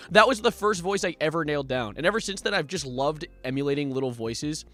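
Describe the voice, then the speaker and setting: A man streaming live in casual chat, animated and profane, quick to laugh. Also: a little high, no room sound. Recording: faint music underneath.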